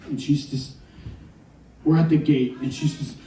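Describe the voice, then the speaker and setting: A male stand-up comedian with a fairly high, mellow voice tells wry, self-deprecating stories from the stage. He sounds distant from the mic, and the club is very echoey. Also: steady tone, measured pace, long pauses.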